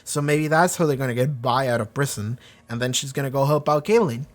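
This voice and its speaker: A man's voice: mid-range voice, brisk. A man hosting a reaction video, talking casually and rambling with lots of swearing, now and then acting out characters' lines.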